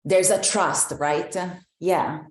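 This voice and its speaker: A woman with an Italian accent gives a live, reflective talk to an online group as a movement coach, with many pauses and restarts. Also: fairly low pitch, steady tone, reverberant. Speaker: embodiment coach.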